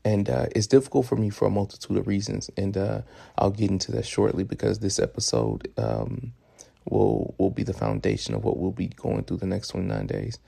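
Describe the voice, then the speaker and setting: A man's voice: fairly low pitch, animated, brisk, vocal fry, mellow. A young man hosting his own podcast, talking casually in a loose, profane way and often stumbling over repeated words. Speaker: podcast host. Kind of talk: casual solo podcast monologue.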